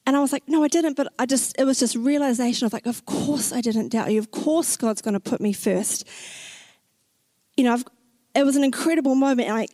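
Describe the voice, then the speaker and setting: A young woman sharing a personal faith story in a chatty, expressive way, with many "like" fillers and acted-out reactions. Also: high voice, a little fast, no echo. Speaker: speaker sharing a faith testimony.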